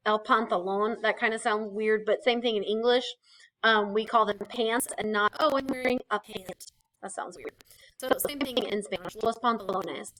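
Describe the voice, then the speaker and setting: A woman's voice: on the high side, fairly bright tone, poor audio. A woman teaching a casual recorded vocabulary lesson, chatty and explaining with asides and fillers. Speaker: Spanish teacher.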